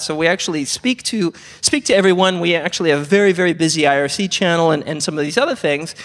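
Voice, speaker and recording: A man's voice: a little high, brisk, few pauses, fairly bright tone, long reverb tail. A man giving an enthusiastic conference talk, asking the audience questions. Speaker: conference presenter. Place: conference hall.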